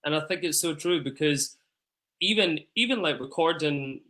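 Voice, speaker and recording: A man's voice: a little high, lively intonation, sharp tone. A man who performs in musicals, talking earnestly and enthusiastically as an interview guest. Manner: earnest, enthusiastic, fast bursts. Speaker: musical theatre singer and guest. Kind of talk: casual chat.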